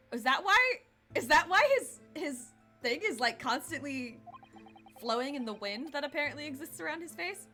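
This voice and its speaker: A bright-voiced woman streams a story game from her home setup, tossing in quick asides and frequent giggles. Faint music sits softly underneath her chatter. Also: high voice, expressive. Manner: giggly and chatty, breaking into laughs. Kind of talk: casual let's-play commentary with read-aloud dialogue.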